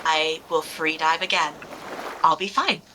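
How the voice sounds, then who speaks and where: A woman voicing a confident, teasing young woman in her late teens who speaks calmly. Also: sits low, measured pace, noisy background. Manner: calm and self-assured.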